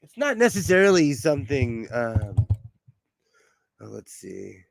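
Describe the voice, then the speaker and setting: A man's voice: mid-range voice, very animated, a little slow, vocal fry, no room sound. A man from Southern California with a Southern Californian accent, chatting casually with his chat while hosting a sewing livestream at home and laughing often. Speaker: livestream host.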